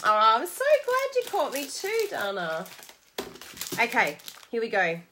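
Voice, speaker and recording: With huge swings in pitch, a slightly high voice, and a measured pace, this Australian-accented woman chats with her live-stream audience about crafting. She's bubbly and casual, laughs a lot, and demonstrates stamping and crafts over background noise.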